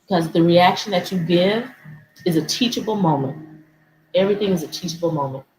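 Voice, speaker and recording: A woman's voice: fairly low pitch, fairly quick, a little mellow, reverberant, rough recording. A woman hosting a talk show, speaking emphatically and repeating key phrases. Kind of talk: casual talk show conversation.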